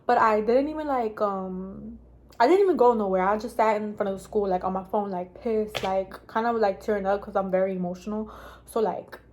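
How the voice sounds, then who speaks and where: A woman's voice: mid-range voice, a little fast, a little mellow, a little hiss or hum. A young woman telling a casual storytime vlog, rambling and swearing, with lots of "like". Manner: rambling, profane, heavy use of "like". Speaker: vlogger.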